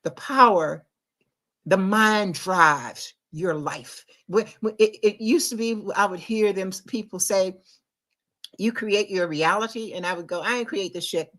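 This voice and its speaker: A middle-aged woman hosting a podcast, giving an inspirational faith talk in an emphatic, confiding way that swings between loud urgency and quiet reflection. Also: mid-range voice, measured pace. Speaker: podcast host.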